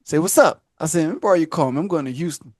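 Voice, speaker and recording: A man hosting a podcast, telling a long story in casual slang. He keeps slipping into high voices to act out the people in it. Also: very fast, darkish tone, dry recording, studio quality. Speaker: podcast host. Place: podcast studio.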